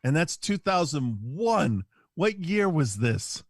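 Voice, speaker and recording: A man's voice: on the high side, big pitch swings, takes it slowly, dry recording. A man co-hosting a casual podcast, dropping dry, wry quips between short agreements. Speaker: podcast co-host. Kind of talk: casual movie-riffing chat.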